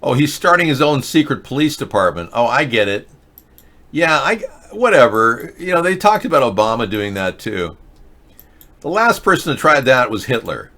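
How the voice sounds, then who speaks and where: A man's voice: mid-range voice, very animated, normal speed, pushed and bright. A man hosting a show, ranting sarcastically in casual political commentary. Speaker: host.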